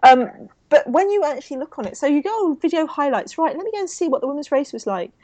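A woman's voice: high-pitched, lively intonation, quick pace, darkish tone, no room sound. A woman with a South East London accent, co-hosting a casual podcast and ranting indignantly. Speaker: podcast co-host.

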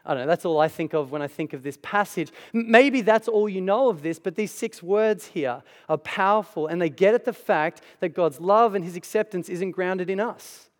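A pastor with a high voice preaches a sermon in a church hall, where long reverb trails after his words. He talks conversationally yet emphatically at a moderate pace, barely pausing, and tosses casual asides to the congregation.

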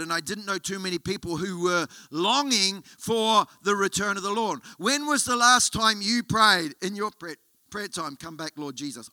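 A man's voice: high-pitched, sharp tone, dry recording. An Australian man preaching as a guest pastor, telling a story and building to emphatic, rising appeals. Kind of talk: sermon. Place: church auditorium.

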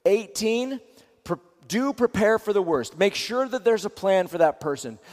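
A man's voice: sits high, animated, a little slow, a little mellow, in a large hall. A man teaching in a sermon style, earnest, repeating phrases and often restarting his sentences.

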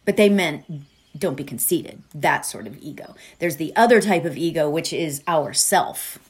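With a low, husky, animated voice and a moderate pace, a middle-aged woman hosts her podcast. She talks casually and warmly, rambling with fillers and asides, and then leads a meditation.

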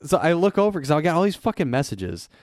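A young adult man chatting casually as a podcast co-host, swearing often and rambling, with excitable jumps in pitch. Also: fast talker, dry recording, clean studio sound. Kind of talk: casual chat.

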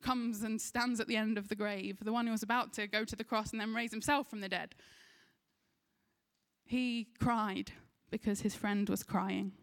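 A woman's voice: mid-range voice, steady tone, moderate pace, a bit bright, smooth. A woman with an English accent preaching a sermon, retelling a scripture story in an earnest voice and briefly acting out the people in it. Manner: earnest storytelling, acts out quoted lines.

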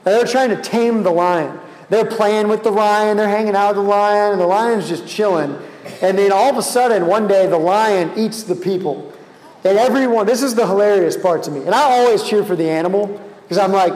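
A young man giving a casual youth sermon and leading prayer, telling stories with sudden animated jumps in his voice. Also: high voice, moderate pace. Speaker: youth pastor. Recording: echoey hall with long reverb.

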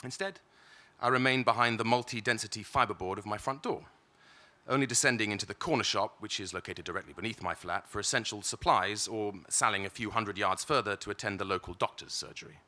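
A British man reading first-person literary fiction aloud in a wry, measured way, with occasional stumbles. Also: fairly low pitch, bright, forceful tone. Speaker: reader.

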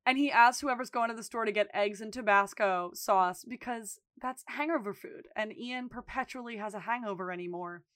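A woman's voice: on the high side, moderate pace, hardly any pauses, a bit bright, no room sound, clean studio sound. A woman co-hosting a podcast, animatedly retelling a TV episode and acting out the characters' lines in casual chat. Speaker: podcast co-host.

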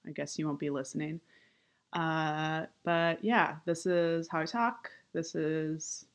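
A woman in her thirties speaking in a low, unhurried voice. She talks in a loose, casual monologue, full of vocal fry and upward inflection. Fillers like "um" and "you know" come often. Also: fairly even intonation. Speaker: writer and activist.

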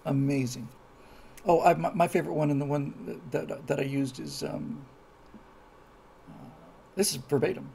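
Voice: medium pitch, normal speed, gravelly, pauses often, a little hiss or hum. A host of an online video show talking casually, with many fillers and restarts, who builds into emphatic speech. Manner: grows animated and emphatic. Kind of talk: casual spoken commentary.

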